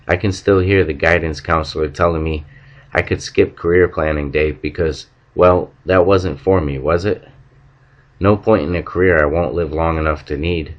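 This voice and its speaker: A man reads a novel aloud at an even, measured pace. His voice is very low. The recording sounds dull and lo-fi, as if the treble has been cut. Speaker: audiobook reader.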